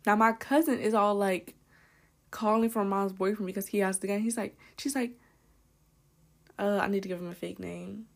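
A young woman talks into her podcast mic at a middle pitch. She tells a story from home in an animated, casual way, with quick laughs, swearing and a lot of "like". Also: vocal fry. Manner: animated, laughing, profane, lots of "like". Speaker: podcast host.

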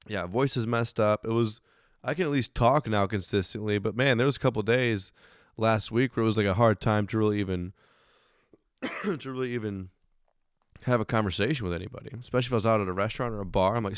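A hoarse man in his thirties talks casually about stocks, rambling and restarting his sentences, with the odd curse thrown in. His voice sits fairly low and sounds smooth under the strain. The recording is close and dry. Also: fairly quick, no room sound. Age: 30s. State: hoarse, recovering voice. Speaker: podcast host. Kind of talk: casual finance chat.

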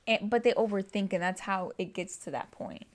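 A woman's voice: medium pitch, moderate pace. A young woman co-hosting a podcast in casual chat, playful and dramatic, given to gasps and giggles. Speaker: podcast co-host.

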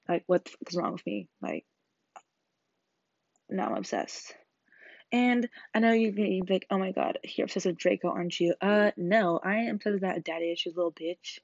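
A young woman rambling casually in a vlog, excitable and swearing freely. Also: lowish voice, moderate pace, vocal fry, dry recording, highs cut off. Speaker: vlogger. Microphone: earbud headset mic.

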